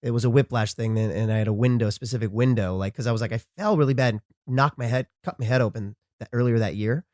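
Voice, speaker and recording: A man as a podcast guest talking casually, often halting and restarting his words. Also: mid-range voice, a little mellow, no echo, clean studio sound. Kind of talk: casual conversation.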